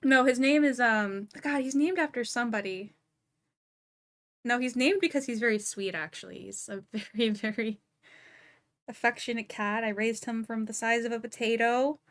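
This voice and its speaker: Giggly, chatty, and easily distracted, a young woman streams while fussing over her cat and talking to it in casual livestream chat. Her voice is a little high, at a moderate pace.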